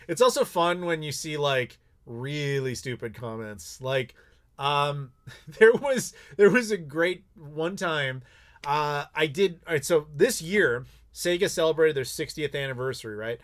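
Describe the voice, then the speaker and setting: A man's voice: fairly high pitch, a little slow. A male YouTuber hosting a casual live Q&A, talking bluntly and swearing freely as he tells stories. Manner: candid, blunt, swears freely, animated storytelling. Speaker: YouTuber host.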